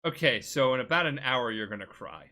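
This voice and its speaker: A man's voice: medium pitch, expressive, brisk, sharp tone. A tipsy man hosting a casual podcast, rambling, swearing and giggling as he retells a game plot. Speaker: podcast host.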